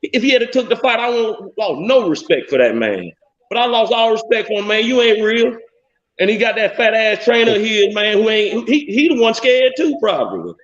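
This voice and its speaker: Male caller, high voice, blunt rambling rant, muffled lo-fi audio. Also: sing-song, moderate pace. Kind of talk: heated call-in rant.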